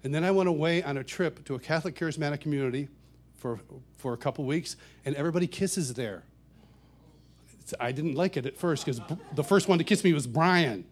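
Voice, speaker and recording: A man telling a personal story to an audience, animated, often laughing and repeating words as he goes. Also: a little fast. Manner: animated, laughs often, gets louder and higher as the story builds. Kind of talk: storytelling talk.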